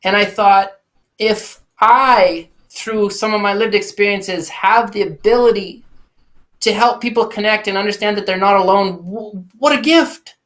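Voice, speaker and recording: A man's voice: high-pitched, fairly even intonation, a little slow, fairly bright tone. A man in his forties, a podcast guest and keynote speaker, talking earnestly and reflectively with frequent restarts. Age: 40s. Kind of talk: candid conversational storytelling.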